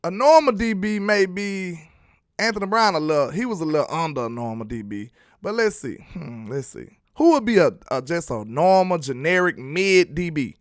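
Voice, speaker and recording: A man's voice: fairly high pitch, very animated, normal speed, dry recording, clean studio sound. A man casually breaking down football film on a live stream, chatty and laughing as he teases his viewers. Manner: chatty, laughing, teasing the chat. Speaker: sports film-study streamer.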